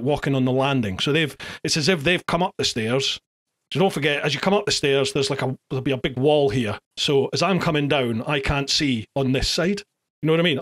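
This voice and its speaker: A middle-aged man hosts a podcast in relaxed conversation. His voice sits in an ordinary middle pitch, and he tells stories in an animated way, stumbling and restarting as he goes. He acts out the lines he once shouted. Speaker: podcast host. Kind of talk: casual podcast storytelling.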